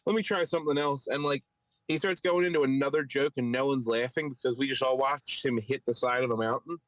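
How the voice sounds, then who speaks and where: A man's voice: medium pitch, brisk, no echo, poor audio. A man with a Philadelphia accent, co-hosting a podcast and telling a long story in a rambling way full of fillers. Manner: rambling, filler-heavy, animated retelling. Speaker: podcast co-host. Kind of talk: casual storytelling chat.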